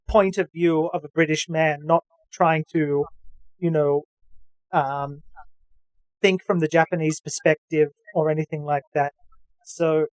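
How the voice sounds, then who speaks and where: A man's voice: fairly high pitch, a little mellow, dry recording, poor audio. A man hosting a podcast, chatting knowledgeably with lots of fillers and restarts. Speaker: podcast host. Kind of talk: casual chat.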